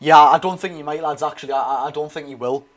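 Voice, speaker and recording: A young Geordie man talks fast in a slightly high, somewhat bright voice with fairly even intonation. Hosting a football watch-along, he offers chatty live commentary, reacts to the play, and reads out and responds to his viewers' chat.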